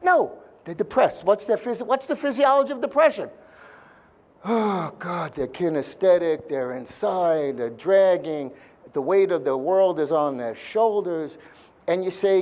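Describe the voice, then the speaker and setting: A man's voice: high-pitched, animated, measured pace, darkish tone. A man speaking live to a seminar audience, blunt and joking, with mild swearing.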